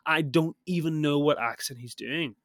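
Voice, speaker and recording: In a dry, clean studio recording, a man with a slightly high voice speaks at a moderate pace. He's a podcast co-host, a bit under the weather, chatting loosely about a film, laughing often and rambling with many restarts.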